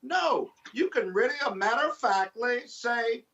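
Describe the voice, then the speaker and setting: A man commenting on a panel in a forceful, explanatory, lawyerly way. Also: very high-pitched, lively intonation, unhurried, creaky. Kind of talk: panel discussion. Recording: dull lo-fi remote audio.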